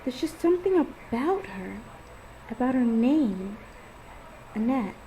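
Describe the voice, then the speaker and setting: A woman's voice: fairly high pitch, big pitch swings, takes it slowly, warm tone, a little hiss or hum, rough recording. A woman casually reading her own first-person story aloud. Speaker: fan fiction author and reader.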